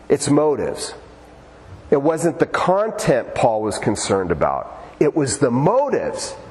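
A man pastor preaching a conversational sermon in a church sanctuary, animated and lively. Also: fairly high pitch. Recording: church hall with long reverb.

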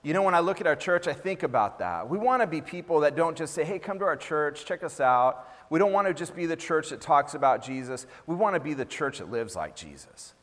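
A man's voice: fairly high pitch, sing-song, quick pace, few pauses. A man pastor preaching a sermon, emphatic and repetitive, often acting out what others say. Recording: reverberant hall.

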